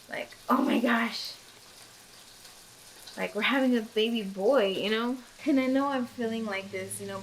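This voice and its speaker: A woman's voice: medium pitch, slight background noise, rough recording. A young pregnant woman vlogging, chatting emotionally and giggling, with lots of fillers. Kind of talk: casual chat while cooking. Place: home kitchen. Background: food sizzling in a pan.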